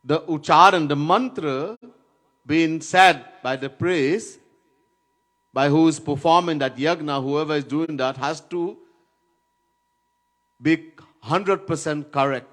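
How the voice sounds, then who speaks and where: Slow-speaking man giving a devotional lecture. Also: a little high, a bit bright. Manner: storytelling, chants Sanskrit verses, stresses words by repetition. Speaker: swami giving a spiritual lecture. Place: Trinidad.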